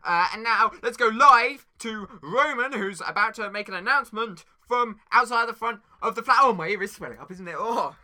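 High, sharp-voiced man clowning. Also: moderate pace, few pauses. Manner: goofy, playing a dim-witted news anchor and henchman. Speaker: podcast co-host. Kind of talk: improvised comedy sketch.

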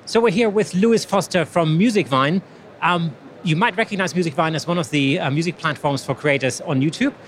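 A man hosting quick, upbeat interviews with exhibitors on a busy exhibition floor. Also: on the high side. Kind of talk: trade show interviews.

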